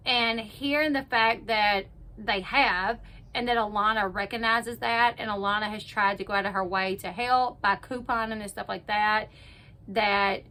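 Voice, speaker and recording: A woman's voice: medium pitch, bright, forceful tone. A woman hosting her own channel, casually recapping a reality show episode and quoting the people in it with lots of "like" and "you know".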